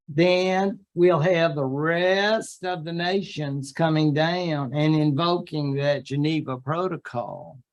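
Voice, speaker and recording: Slow, joking man lecturing history. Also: on the high side. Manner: slow, joking asides and acted-out quotes. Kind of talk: university lecture. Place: classroom.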